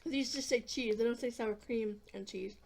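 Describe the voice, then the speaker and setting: Rambling woman vlogger with a high voice. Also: moderate pace, creaky, darkish tone. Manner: rambling and offhand, with fillers and casual swearing. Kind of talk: casual eating vlog chat.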